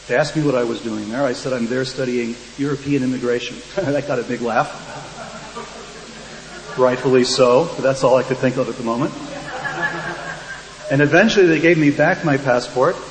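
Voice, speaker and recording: A man on a discussion panel, telling a dry, wry story with quoted dialogue to an audience. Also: medium pitch. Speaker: panel speaker. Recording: echoey hall, faint hum.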